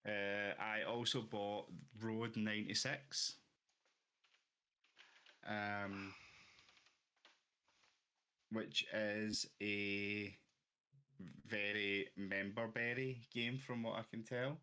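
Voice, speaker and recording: A man's voice: fairly low pitch, little pitch movement, drawn-out words, pauses often, bright, forceful tone, clear, resonant tone. A young man co-hosting a casual gaming podcast, rambling and hesitant with lots of ums and jokes. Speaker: podcast co-host.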